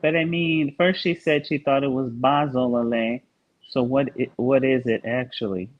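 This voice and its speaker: A man in an online language class who asks questions to clear up a point he is unsure about. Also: medium pitch, steady tone, moderate pace, muffled recording. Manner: questioning, seeking clarification. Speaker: student.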